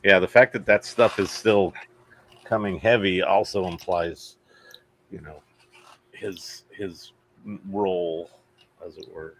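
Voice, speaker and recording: A man co-hosting a casual live watch-along stream, relaxed and thinking aloud as he talks. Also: low-pitched, slow pace, long pauses, a little hiss or hum, low-quality recording. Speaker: co-host.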